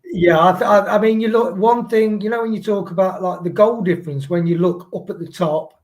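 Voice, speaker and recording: Brief: male co-host, casual football talk, halting with ums and false starts, slightly raised pitch. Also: darkish tone. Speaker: co-host of a football prediction show. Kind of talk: casual chat.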